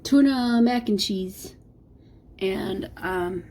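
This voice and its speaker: A woman's voice: mid-range voice, drawn-out words, a little mellow, a little hiss or hum. A woman chatting casually to the camera from home, rambling between topics and sometimes dropping to a whisper. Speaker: vlogger. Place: at home, working from home.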